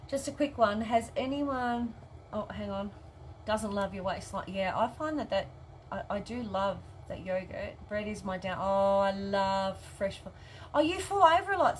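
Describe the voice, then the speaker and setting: A woman's voice: mid-range voice, steady tone, measured pace, a little hiss or hum. An Australian woman hosting a live craft stream, chatting casually and reading out viewer comments, laughing often and swearing cheerfully.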